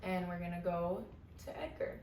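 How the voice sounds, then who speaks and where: A woman hosting a casual podcast, reading out questions in a relaxed way. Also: on the low side, normal speed. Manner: reads questions out clearly, relaxed. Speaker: podcast host. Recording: roomy, distant mic with faint noise.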